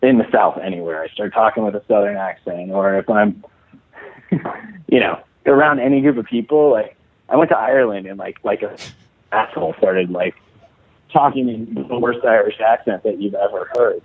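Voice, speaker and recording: A man's voice: lowish voice, moderate pace, husky. A man from Chicago, an actor being interviewed, talking casually and rambling with lots of fillers and restarts. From Chicago, USA. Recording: dry, tinny phone-like audio.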